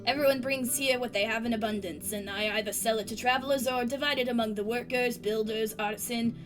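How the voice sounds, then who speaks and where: Woman voicing a humble male vendor, soft-spoken, folksy, gentle, game read-aloud. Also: on the high side, fairly even intonation, brisk, music in the background, natural voice.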